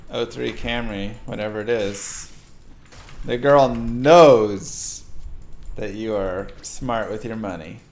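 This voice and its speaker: A man's voice: lowish voice, steady tone, measured pace, creaky, soft background music. A man streaming a game, chatting and joking with viewers as he plays. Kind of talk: casual gameplay commentary.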